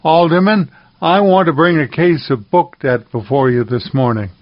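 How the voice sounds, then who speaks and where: A man voicing a polite gentleman bringing a debt claim in a storybook reading. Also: a little high, moderate pace, no echo, dull audio, natural voice. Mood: earnest.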